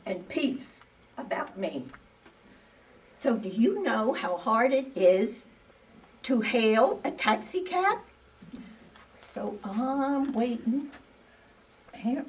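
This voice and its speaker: A woman's voice: on the high side, lively intonation, drawn-out words, long pauses. An older woman performing a comic stage monologue as a cranky, easily enraged bag lady who rambles indignantly with sudden outbursts. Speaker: amateur stage actor. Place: community stage before an audience. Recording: distant stage recording.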